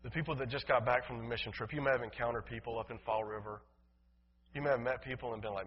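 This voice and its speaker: A male pastor preaching a sermon in a church, emphatic, swinging from loud declarations to soft, low passages. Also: steady tone, fast talker, a little hiss or hum. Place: church sanctuary. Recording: dull, reverberant hall sound.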